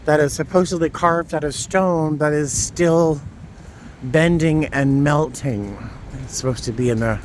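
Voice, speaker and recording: A man's voice: a little high, measured pace. A man vlogging outdoors in a windy churchyard, chatty and exclaiming, cold and tired. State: shivering cold. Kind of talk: casual vlog narration.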